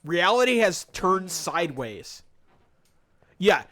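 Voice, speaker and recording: A male streamer chats casually while playing, his stories animated and sarcastic. His voice is bright and forward, pitched a little high. Laughter often breaks into his talk. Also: slow pace.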